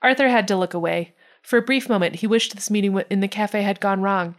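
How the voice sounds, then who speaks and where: A woman's voice: medium pitch, a little fast. A woman with a Midwestern accent reading fiction aloud on a podcast, stumbling now and then and laughing at the text. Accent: Midwestern American. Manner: reads with stumbles and breaks into laughter. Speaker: reader of fan fiction on a podcast.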